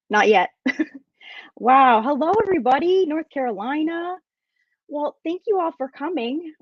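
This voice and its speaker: A woman guest-hosting a live podcast, bubbly and excitable, greeting viewers with lots of exclamations. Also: fairly high pitch, no echo. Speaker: guest host. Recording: dry, slightly dull sound.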